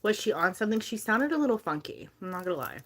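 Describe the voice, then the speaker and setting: A young woman chatting casually on a live stream while she packs bracelet orders. She talks in a chatty, animated way and fills her stories with "like" and quoted dialogue. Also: mid-range voice, quick pace. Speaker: livestreamer selling handmade bracelets.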